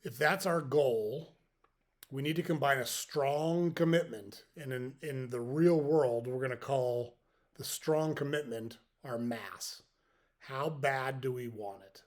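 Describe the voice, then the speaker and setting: A man's voice: mid-range voice, slow pace. A middle-aged man hosting a podcast, giving a folksy, reflective motivational talk and explaining his points step by step. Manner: folksy, tells jokes as examples. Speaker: podcast host.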